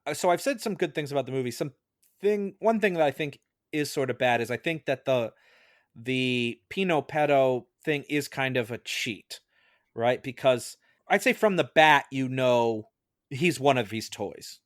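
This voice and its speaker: A man's voice: mid-range voice, lively intonation, moderate pace, no room sound, studio quality. A man on a podcast jury giving his verdict on a film in a chatty way, with lots of fillers. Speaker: podcast juror. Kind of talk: casual film discussion.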